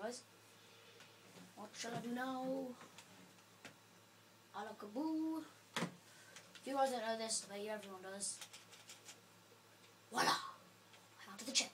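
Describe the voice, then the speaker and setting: A woman's voice: medium pitch, heavy background noise. A woman giving rambling, playful commentary over her gameplay, full of fillers like "um".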